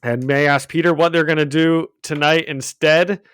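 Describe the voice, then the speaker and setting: A man's voice: a little high, steady tone, normal speed, fairly bright tone, smooth, no echo. A man co-hosting a podcast, recapping a comic in casual chat, laughing often and rambling with fillers, on a home microphone. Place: home room.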